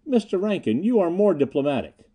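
A man voicing a fussy, flustered English gentleman lecturer in an audiobook. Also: high-pitched, big pitch swings, brisk, voice pushed up.

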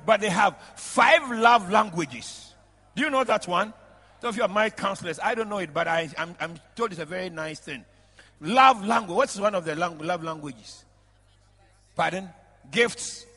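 A man, a bishop preaching a lively sermon in a large church, shouting out to the congregation and breaking into laughter. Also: high voice, breathy edge. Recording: long reverb of a church hall.

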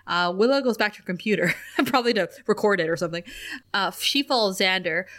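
A young adult woman chats casually as a podcast co-host, laughing easily as she retells scenes. She acts out quoted lines with lively pitch jumps. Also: fast. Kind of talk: casual chat recapping a TV episode.

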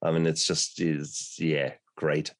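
A man hosting a podcast interview, asking gentle, probing questions. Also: rumbling low, little pitch movement, slow, no room sound. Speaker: podcast host.

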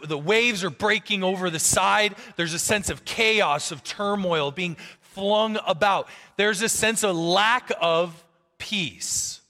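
Guy pastor giving a lively sermon, bright voice, big echoey hall. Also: high-pitched. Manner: animated, conversational preaching with acted-out quotes.

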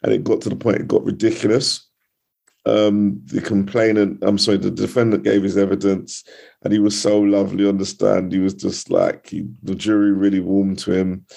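A man with a low, gravelly and husky voice tells a courtroom story as a podcast guest. He talks in a lively, loose way, full of restarts and asides. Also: normal speed. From United Kingdom. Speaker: criminal barrister, podcast guest. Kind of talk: casual interview storytelling.

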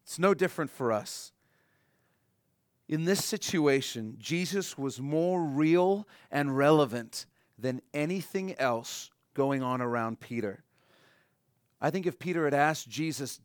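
A man preaching a sermon in an earnest way, slowing down and softening on his key points. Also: a little high, lively intonation, clean tone, no echo, studio quality. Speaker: pastor.

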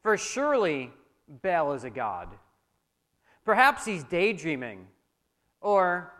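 A man voicing a defiant old male prophet who speaks out loud and forceful, with long hall reverb. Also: high-pitched, moderate pace, pitched above the performer's own voice, close to an everyday voice. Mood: mocking.

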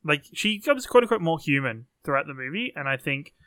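A man co-hosting a casual film podcast, expressive and jokey, acting out quotes. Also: fairly high pitch, a little fast, clean tone, dry recording, studio quality. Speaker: podcast co-host.

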